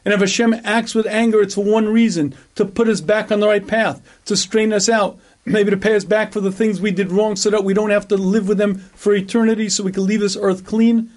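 A man teaching a Torah class in an emphatic, repetitive way, with rhetorical questions and frequent throat clearing. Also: sits high, steady tone, a little fast, darkish tone. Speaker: rabbi teaching a weekly class.

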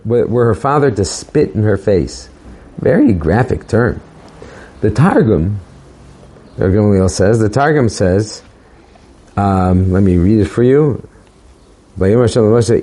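A man giving a casual, halting Torah talk, with many fillers and restarts, slowing down to quote verses. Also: lowish voice, warm tone. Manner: hesitant, many fillers and restarts, quoting Hebrew verses slowly. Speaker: speaker sharing a Torah thought.

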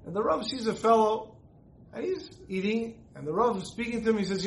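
A man's voice: high voice, lively intonation, fast. A man teaching a recorded Torah class, telling stories and acting out the dialogue. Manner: storytelling, acts out dialogue.

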